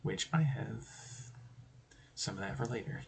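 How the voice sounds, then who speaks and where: A man with a low, gravelly voice talks through tabletop game design in a loose, rambling way. He drifts between points, adds joking asides, and keeps the tone of a casual stream host. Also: lively intonation, unhurried, slight background noise.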